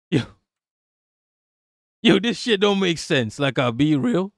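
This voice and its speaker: A man's voice: a little high, big pitch swings, slow pace, gravelly, no room sound, clean studio sound. Blunt, profane man streaming live. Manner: profane, blunt, laughs often. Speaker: live-stream political commentator. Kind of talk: casual live-stream commentary reading chat.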